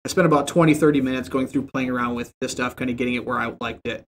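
A man's voice: medium pitch, steady tone, fast talker, a little hiss or hum. A man hosting a casual how-to video, chatty and informal, talking straight to the viewer from a home setup. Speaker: tech tutorial host. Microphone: desktop mic with processing plugins.

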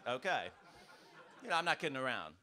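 An American man doing a stand-up comedy set in a club, ranting with punchy, animated delivery. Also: medium pitch, brisk, crowd noise, noisy background. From United States. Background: audience laughter.

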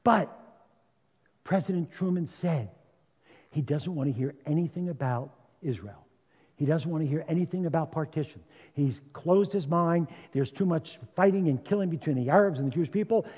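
Rabbi in his seventies, male, sermon storytelling with sudden volume swings; slightly high voice, captured dull in a reverberant sanctuary. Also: normal speed, breathy edge. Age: 70s. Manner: dramatic storytelling with sudden loud and hushed swings. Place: congregation's sanctuary. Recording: dull, with long hall reverb.

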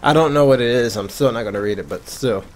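Tired young male gamer, casual rambling play-by-play, mid-pitched voice. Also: quick pace. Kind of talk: gameplay commentary.

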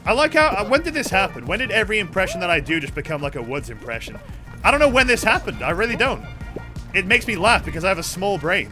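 A British man giving casual live commentary while streaming a game, swearing freely and yelling at the other players. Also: high voice, fast, faint music behind. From Britain. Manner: profane, excitable, yells at other players.

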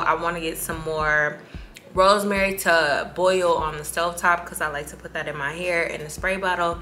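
Chatty young woman, low bright voice. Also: slight background noise. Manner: candid, chatty, laughing between lines. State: emotional, on her period, tired. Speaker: vlogger. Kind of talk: casual vlog chat to camera.

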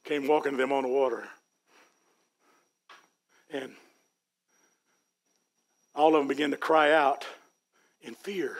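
A man preaching a sermon in a church, folksy and rising to loud peaks. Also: mid-range voice, fairly even intonation, slow pace, long pauses. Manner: folksy preaching, Southern US dialect, builds to shouts. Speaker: pastor. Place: church sanctuary.

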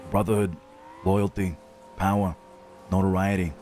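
A man voicing a brooding, hot-tempered mob boss in a game roleplay, cursing and moving from low, measured talk to shouting. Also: little pitch movement. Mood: solemn, determined. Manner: swears heavily, swings from low and measured to shouting. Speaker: roleplay streamer. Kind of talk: gangster roleplay. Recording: game stream with music underneath.

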